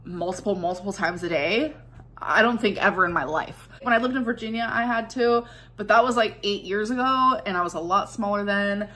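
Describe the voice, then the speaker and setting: A woman's voice: medium pitch, fairly quick, a bit bright. Rambling, reflective woman vlogger. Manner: rambling, reflective, heavy use of "like". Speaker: vlogger in a played clip. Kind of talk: casual confessional vlog talk.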